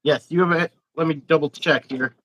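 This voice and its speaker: A man's voice: a little high, fairly even intonation, moderate pace, a bit bright, rough recording. A man hosting a casual fishing livestream interview, chatty and rambling, laughing often. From Wisconsin. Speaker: host.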